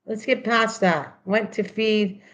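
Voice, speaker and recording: A woman's voice: medium pitch, slow pace, a bit bright, low-quality recording. An older woman hosting a craft video, chatting casually and teasingly, repeating words over and over while she works.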